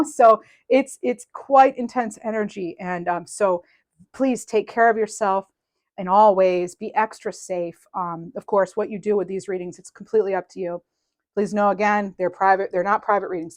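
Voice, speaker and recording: Rambling, animated woman reading tarot. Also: medium pitch, normal speed. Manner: rambling, animated, lots of fillers and restarts; laughs lightly while talking. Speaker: tarot reader. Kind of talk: casual channeled tarot reading.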